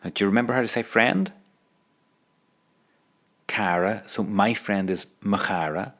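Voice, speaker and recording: A man's voice: on the low side, unhurried, a bit bright. A man teaching an audio language lesson, patiently prompting the listener to repeat phrases.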